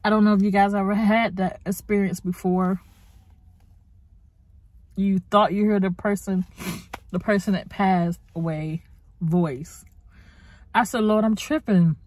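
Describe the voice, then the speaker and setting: A woman's voice: medium pitch, steady tone, a little slow, long pauses, darkish tone, dry recording. A woman vlogger chatting to her viewers in a heartfelt, faith-filled way, calling them honey and y'all. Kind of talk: casual chat to camera.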